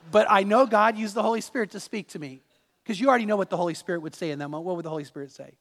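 Male pastor, high voice, storytelling sermon, long church-hall reverb. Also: racing, fairly bright tone. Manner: storytelling preacher, with repeated words and restarts.

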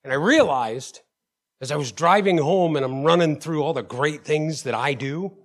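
A man's voice: a little high, moderate pace. Emphatic male pastor telling a story. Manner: emphatic, with call-outs to the congregation; storytelling, stammers and repeats words. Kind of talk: sermon.

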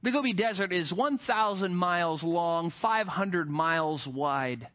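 A male preacher giving a sermon with animated emphasis and rhetorical questions. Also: high-pitched, unhurried.

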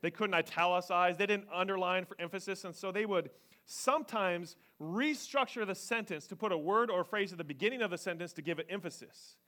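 A man preaching from the pulpit, his voice pitched high and ringing bright. He moves between loud, punchy emphasis and hushed near-whispers, often acting out the people he quotes. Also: brisk. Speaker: pastor. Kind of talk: sermon.

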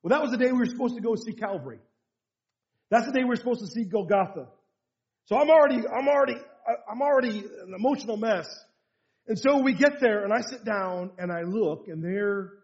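A middle-aged American man, a pastor preaching a sermon, telling a story and moving from hushed tones to fervent bursts. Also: high voice, animated, brisk, muffled recording. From United States.

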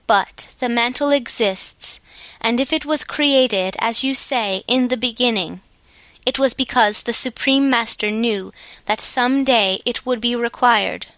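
A woman voicing a bold, kindly male immortal who pleads earnestly and slowly before a council. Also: very high voice, pushed and bright, smooth, no room sound, exaggerated voice.

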